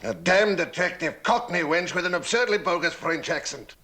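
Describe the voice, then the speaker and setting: A lecherous, gravelly lord. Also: male voice, high-pitched, normal speed, bright, forceful tone, exaggerated voice. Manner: suggestive, oily. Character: lecherous wealthy male lord, smooth-talking.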